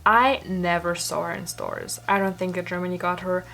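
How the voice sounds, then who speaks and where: A woman's voice: on the low side, steady tone, moderate pace, gravelly, fairly bright tone. Young woman fangirling over her dolls, lots of oh my god, swears a bit, super effusive. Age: young adult. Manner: gushing, effusive, swears casually. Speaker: doll collector vlogger. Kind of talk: casual review vlog.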